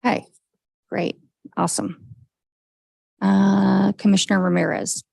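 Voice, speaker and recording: A woman facilitating a government budget meeting, brisk and encouraging, with frequent okays as she calls on each member. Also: mid-range voice, flat delivery, vocal fry, a little mellow, breathy edge, dry recording, poor audio. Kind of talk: leading a group discussion.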